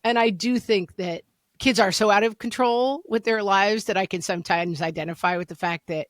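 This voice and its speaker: A woman's voice: mid-range voice, normal speed, no room sound. Chatty woman podcast host, dry sound. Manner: animated storyteller who acts out loud quoted voices. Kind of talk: casual chat.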